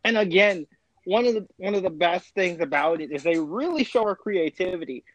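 A man's voice: high voice, lively intonation, normal speed, a bit bright, dry recording. A man co-hosting a podcast, chatting enthusiastically about a TV series with lots of fillers and restarts. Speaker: podcast co-host. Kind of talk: casual chat reviewing a TV series. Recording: dull lo-fi dry mic.

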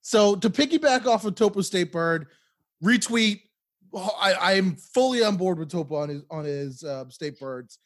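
High, lively podcast co-host, a man. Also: moderate pace. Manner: animated, indignant ranting with laughs. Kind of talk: casual podcast banter.

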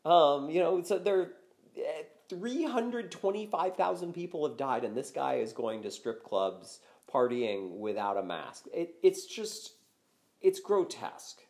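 An older man talks sports on a podcast in a loose, conversational way. His pitch swings widely, and he sometimes jumps into loud, high-pitched exclamations. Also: measured pace, vocal fry. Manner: animated, bursts into loud high-pitched shouts. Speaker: podcast guest. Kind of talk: casual sports chat.

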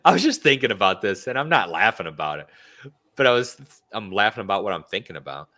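A man's voice: lowish voice, big pitch swings, fast, sharp tone. A man co-hosting a political talk show, ranting with indignant sarcasm.

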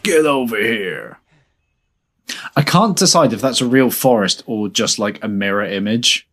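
Lively-voiced man reacting to a film. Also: lowish voice, moderate pace. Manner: animated, laughing, often restarts mid-sentence. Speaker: film watch-along co-host. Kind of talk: casual reaction chat over a film. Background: faint film soundtrack music.

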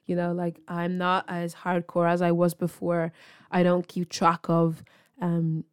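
A woman's voice: fairly low pitch, completely flat delivery, a little slow, smooth, no echo, clean studio sound. A young woman hosting a podcast, talking casually in a chatty, self-deprecating and encouraging way, laughing often. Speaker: podcast host. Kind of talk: casual solo podcast chat.

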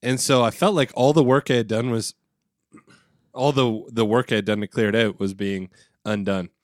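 Pastor dude cohosting a podcast, laid back and rambly, dry sound. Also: male voice, medium pitch, normal speed, no room sound. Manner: relaxed, rambling storyteller. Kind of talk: casual podcast chat.

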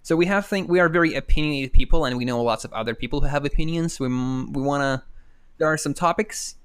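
A man's voice: a little high, fast, clear, resonant tone. Rambling self-deprecating male podcast co-host. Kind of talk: casual chat. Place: home, remote call.

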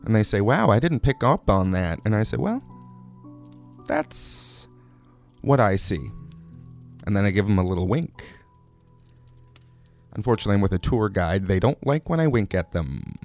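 A man's voice: on the low side, sing-song, fairly quick, pauses often, darkish tone, soft background music. A man hosting a comic radio show, delivering an absurd monologue with a drawling, playful manner. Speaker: host.

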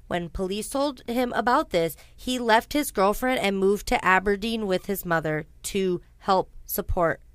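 A woman's voice: mid-range voice, measured pace, hardly any pauses, clear, resonant tone, dry recording. A woman casually telling a true-crime story to a co-host, chatty and blunt, swearing freely, with frequent ums and asides. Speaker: podcast host.

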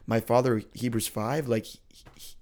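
A man's voice: mid-range voice, fairly even intonation, normal speed, darkish tone. A man co-hosting a faith podcast, talking in earnest, loose casual chat and often checking in with "right?". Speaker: podcast co-host.

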